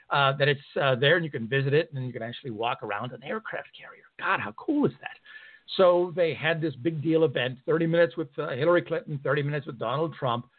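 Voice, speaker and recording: A man hosting a talk radio show from a studio, ranting in a sarcastic, indignant way with many fillers. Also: medium pitch. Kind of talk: political talk radio monologue. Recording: narrow phone-like sound.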